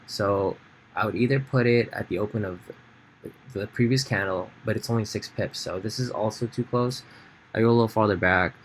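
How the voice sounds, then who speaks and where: In a screen-share trading lesson, a man with a fairly low voice talks through a chart in an easy, conversational style. He restarts sentences and lingers on fillers as he thinks out loud, over a faint hiss of background noise.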